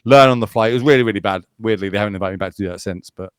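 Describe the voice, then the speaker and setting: As a guest on a podcast, this Magic tournament caster rattles off rambling, casual stories laced with swearing. He has a lowish, clean-toned voice.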